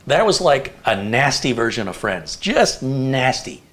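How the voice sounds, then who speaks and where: A man's voice: medium pitch, takes it slowly. Chatty middle-aged man rambling animatedly. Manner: animated, rambling storyteller with fillers. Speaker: host. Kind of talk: casual livestream chat.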